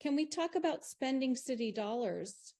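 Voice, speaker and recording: A woman's voice: high-pitched, animated, moderate pace, dark tone. A woman bluntly accusing city council members during public comment.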